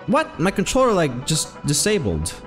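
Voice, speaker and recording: A man chats casually while streaming a game, wandering from story to story. His pitch moves a lot, and he jumps into loud, excited yelps when something catches his eye. Soft game music plays faintly underneath. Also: normal speed. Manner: rambling, animated, exclaims loudly when excited. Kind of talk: casual let's-play chat.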